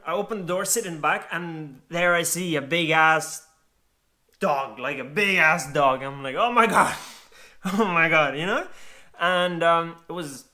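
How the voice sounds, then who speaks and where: A man from Grenada telling a funny real-life story in a casual, animated way, swearing and laughing as he goes. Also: a little high. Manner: animated, swears freely, laughs along, acts out voices. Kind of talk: casual anecdote told to camera.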